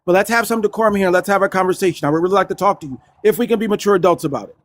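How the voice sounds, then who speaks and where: A man's voice: high voice, very fast. A man from North Philadelphia with a Philadelphia accent, a caller in a heated live-stream debate whose voice rises when he gets passionate.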